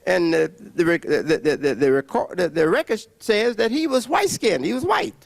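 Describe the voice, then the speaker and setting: A man giving a preaching religious lecture, emphatic, with long pauses and repeated words. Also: high-pitched, lively intonation, gravelly, no echo. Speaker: religious speaker.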